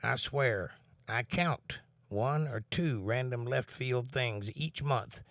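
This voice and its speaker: A man of middle pitch talks loosely and earnestly to his viewers, reading their comments aloud and sharing thoughts on faith. He sits close to the mic in a dry room at home. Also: takes it slowly, dry recording. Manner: relaxed, earnest, talks about faith and reads chat comments. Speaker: livestream host. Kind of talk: casual chat with viewers.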